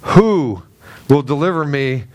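A pastor preaching a sermon, swinging from hushed asides to loud urgent pleas, repeating phrases and acting out quoted voices. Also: male voice, on the high side, expressive, takes it slowly, dry recording.

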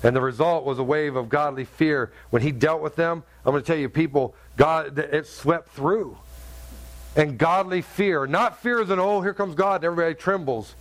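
A man's voice: a little high, moderate pace, dry recording. A middle-aged man preaching a sermon, telling stories with humor and punchy sound effects. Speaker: pastor.

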